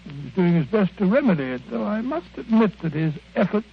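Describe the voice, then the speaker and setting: An actor playing a genial, earnest doctor companion who talks with a flustered, hesitant manner, in 1940s radio acting style. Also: male voice, high voice, big pitch swings, fairly quick, slight background noise. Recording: tinny narrow-band old radio recording.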